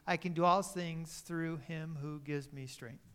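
High-pitched male pastor preaching a sermon, gets loud then drops real quiet, fixes his own slips. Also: fairly even intonation, a little slow, clear, resonant tone. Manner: self-correcting mid-sentence.

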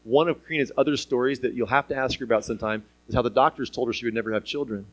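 A man preaching a sermon in an animated way, asking the listeners rhetorical questions and chuckling now and then. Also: medium pitch, rapid-fire, poor audio.

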